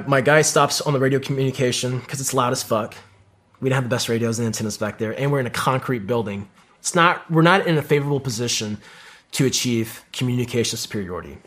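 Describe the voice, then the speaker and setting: A man who is a guest on a podcast, telling his own combat story in a casual, vivid way with plenty of swearing. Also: mid-range voice. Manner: heavy swearing, vivid and animated retelling.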